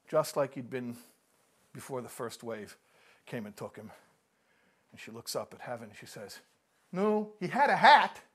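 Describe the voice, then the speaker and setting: Animated man telling jokes to a crowd. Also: mid-range voice, husky. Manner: animated joke-telling, acts out characters. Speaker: speaker giving a talk. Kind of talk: live talk telling jokes to an audience.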